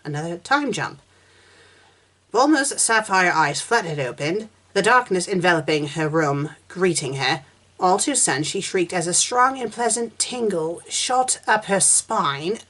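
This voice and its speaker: A woman's voice: fairly low pitch, fairly bright tone. A woman reviewer reading fan fiction aloud, breaking in with sarcastic, exasperated comments.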